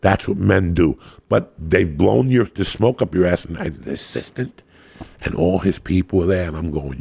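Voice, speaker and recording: A man telling a profane, animated story as a podcast guest, acting out the people in it. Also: sits low, moderate pace, vocal fry, husky, dry recording. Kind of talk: casual storytelling.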